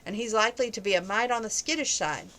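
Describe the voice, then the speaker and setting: A woman's voice: medium pitch, animated, fast talker, fairly bright tone, natural voice, rough recording. A woman reading aloud, voicing a cautious male truck driver who speaks in a folksy, warning way. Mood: cautioning. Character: cautious man, a horse-trailer truck driver.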